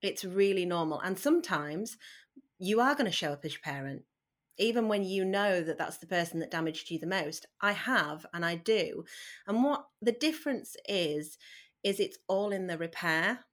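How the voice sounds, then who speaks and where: Woman in her 30s, low voice, frank and earnest, talks candidly on a podcast. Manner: earnest and frank, with sudden bursts of energy. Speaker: guest. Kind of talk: candid conversational talk.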